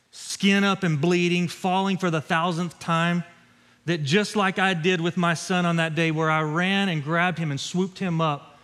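A man's voice: medium pitch, fairly bright tone. A man in his thirties preaching a sermon as a pastor, earnest storytelling with emphatic repetition, in a church sanctuary. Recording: long church reverb.

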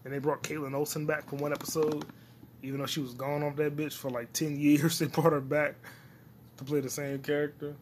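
A man's voice: on the high side, little pitch movement, a little fast, darkish tone, slight background noise. A man hosting a solo podcast, rambling and swearing freely as he talks to himself, recorded on a phone. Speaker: podcast host.

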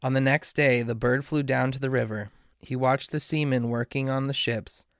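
A man reading a fairy tale aloud in a slow, measured way. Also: medium pitch, steady tone, a bit bright, clean tone, no room sound, clean studio sound. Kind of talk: storybook reading.

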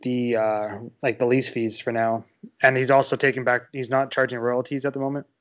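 A man's voice: mid-range voice, little pitch movement, a bit bright. A young man co-hosting a podcast in casual chat, rambling and filling his speech with "like". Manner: rambling, heavy on "like", quick to laugh. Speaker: podcast co-host. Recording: slightly dull lo-fi sound.

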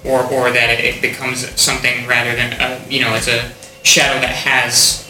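A man's voice: mid-range voice, completely flat delivery, moderate pace, pushed and bright. A man playing a tabletop game, explaining his moves hesitantly with many fillers. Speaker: player. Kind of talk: casual tabletop play. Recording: echoey room with faint noise.

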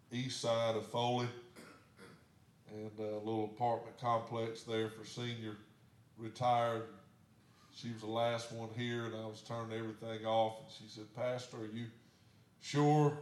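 A man's voice: mid-range voice, roomy sound. A man, a pastor telling a story in a sermon in a plain, folksy way. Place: church sanctuary.

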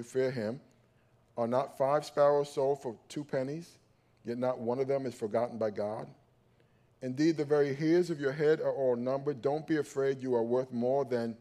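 A male pastor preaching a sermon, calling out to his congregation and swinging from loud emphatic peaks to low quiet stretches. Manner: calls out to the congregation for response.

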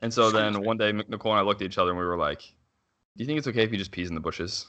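A man's voice: on the low side, pushed and bright. A man, a father, in his thirties, chatting casually and rambling with lots of fillers and restarts. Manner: rambling, frequent "like" fillers and self-restarts, quick laughs. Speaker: father telling a story. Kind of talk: casual conversational chat.

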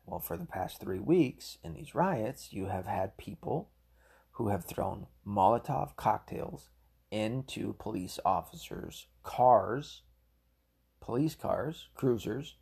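A low-voiced man rants through his commentary, heated and rambling, cursing freely. His voice is gravelly and husky. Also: animated, takes it slowly, a little mellow. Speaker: political commentator. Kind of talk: ranting solo commentary.

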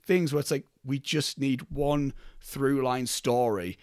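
A young man co-hosts a laid-back film podcast, cursing freely, laughing, and acting out characters' lines. His voice is medium-pitched, slow, and a little mellow. The studio-quality recording has no echo.

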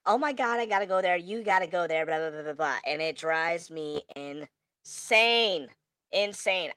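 A man's voice: high-pitched, sharp tone, no room sound, pitched above the performer's own voice. A man talking through a voice changer set to a girl voice, exasperated and repeating himself in a casual podcast chat. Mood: gushing. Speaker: podcast host.

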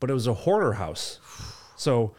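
A man's voice: mid-range voice, sing-song, moderate pace, darkish tone. A man hosting a podcast in casual chat, teasing and crude. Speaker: host.

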